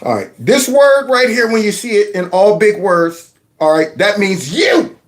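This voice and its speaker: A man giving mocking reaction commentary on video clips. His voice swings up and down with lively pitch, and he laughs and teases often while he talks. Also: a little slow. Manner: laughing, teasing, does mock voices.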